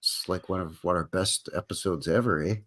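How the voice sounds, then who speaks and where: A man's voice: low voice, brisk, a bit bright. A Canadian man co-hosting a live stream, joking and chatty, tagging "eh" onto his sentences. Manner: joking, chatty, drops in "eh" often. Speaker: co-host. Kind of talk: casual live-stream chat.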